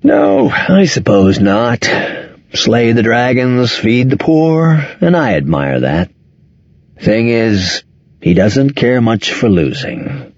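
A man's voice: mid-range voice, huge pitch swings, takes it slowly, darkish tone, dry recording, muffled recording, exaggerated voice. A man voicing a cynical heavyset man with mild, thoughtful, sardonic banter in an audiobook.

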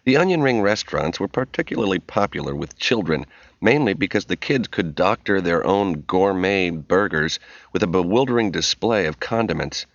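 A man reading a novel aloud as narrator, in measured, expressive storytelling. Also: deep voice, no room sound. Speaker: audiobook narrator. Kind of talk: scripted narration. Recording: dull, muffled audio.

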